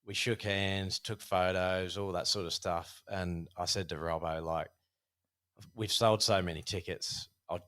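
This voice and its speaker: Low-voiced man telling fight stories. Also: unhurried, clear, resonant tone. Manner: animated, laughing anecdotes with many fillers. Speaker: podcast guest, former Thai boxer. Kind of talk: casual storytelling.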